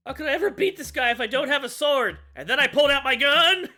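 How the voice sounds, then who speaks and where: Animated woman telling a game story. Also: high voice, quick pace, faint music behind. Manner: animated, crude, swings into loud outbursts. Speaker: streamer narrating a tabletop game. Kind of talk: comedic tabletop storytelling. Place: home streaming setup.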